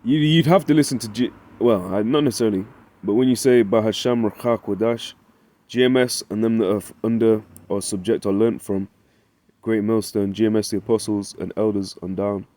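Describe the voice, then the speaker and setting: A man's voice: on the low side, fairly even intonation, a little fast, mellow. A man giving a casual Bible study, talking conversationally, often asking "right?" and reading scripture aloud. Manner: reads scripture in old-fashioned wording. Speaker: Bible teacher.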